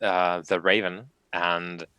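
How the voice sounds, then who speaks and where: A man playing a tabletop game, talking in a halting way with many fillers. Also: low-pitched, level tone, background noise. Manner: hesitant, halting, full of fillers. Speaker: player.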